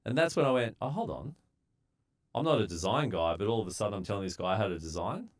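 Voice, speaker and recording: A civil engineer appears as a podcast guest, telling laid-back stories from his days on site and acting out what people said. He's a relaxed storyteller with a fairly low voice and a quick pace.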